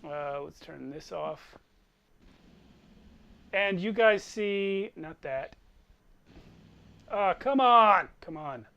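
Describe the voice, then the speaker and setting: A man runs a tabletop game as its game master, telling the story vividly and slowly. His voice is high, bright and very clear. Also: expressive, dull audio. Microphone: online voice call.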